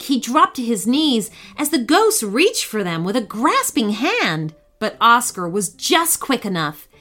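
A woman narrating a children's bedtime story with expressive, animated storytelling. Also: on the high side.

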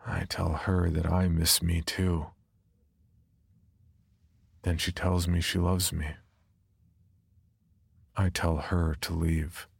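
A man narrating a first-person horror story in a subdued, brooding way, with a husky, gravelly voice. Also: sits low, little pitch movement, takes it slowly, long pauses, dry recording.

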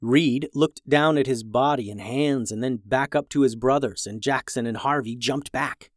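A narrator reading a children's storybook aloud, lively, shifting voices for each character. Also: medium pitch, normal speed, no room sound, clean studio sound.

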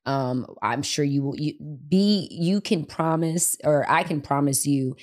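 A young woman hosting a casual, heartfelt podcast conversation. Her voice sits very low for a woman. She gushes and circles back over her own words as she talks. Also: unhurried. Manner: effusive, repeats herself and restarts. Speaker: podcast host.

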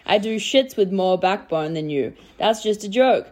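A woman's voice: mid-range voice, expressive, moderate pace, a little mellow. A woman with an Australian accent, a guest correspondent reading a letter aloud with a blunt, sardonic delivery.

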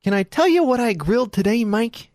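A man's voice: extremely high pitch, lively intonation, a little fast, darkish tone, dry recording, studio quality. A middle-aged man co-hosting a podcast, rambling through stories and acting out quoted voices in casual chat. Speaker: podcast co-host.

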